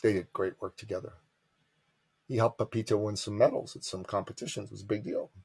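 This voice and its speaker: A man telling a business story as a podcast guest, animated and emphatic, calling the listener brother. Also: on the low side, a little fast, gravelly, breathy edge, no room sound.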